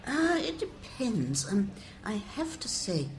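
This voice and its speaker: A woman's voice: fairly high pitch, very animated, slow pace. An older woman, a translator, giving wry, discursive interview answers and quoting verse with relish.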